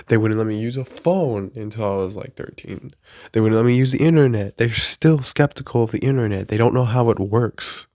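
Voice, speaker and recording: A man's voice: fairly low pitch, fairly quick, darkish tone, no echo, studio quality. A man in his early twenties, sick with the flu, venting in an exasperated, profane casual rant. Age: 20s. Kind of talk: casual ranting monologue.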